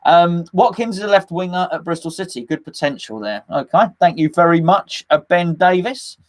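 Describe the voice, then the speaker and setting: A man's voice: high voice, animated, normal speed. A middle-aged man hosting a casual live fan chat, rambling and jokey, with lots of fillers and restarts as he reads out comments.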